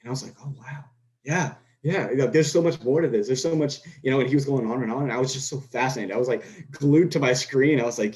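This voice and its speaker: A young man from Houston talks as a podcast guest, winding through his story with frequent restarts. He acts out back-and-forth dialogue as he goes. His voice sits at an ordinary middle pitch. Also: fast, darkish tone, rough recording. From Houston, Texas. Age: young adult. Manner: rambling with many restarts and quoted dialogue. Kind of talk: casual storytelling chat.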